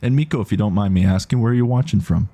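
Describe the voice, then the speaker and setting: A man's voice: on the low side, racing, mellow. A man streaming a game live, chatting casually and reading out viewer messages. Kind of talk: casual gaming commentary.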